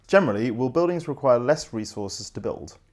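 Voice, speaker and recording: A man with a medium-pitched voice hosting a quick-fire interview. He reads each question briskly and plainly, moving straight on to the next. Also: animated. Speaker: host reading community questions.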